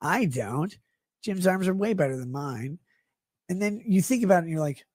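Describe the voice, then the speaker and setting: A man rambling on a stream in an erratic, profane way. His voice is husky and a little raspy. The sound is dry, with no room echo. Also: high voice, expressive, moderate pace, darkish tone. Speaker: streamer in a played clip.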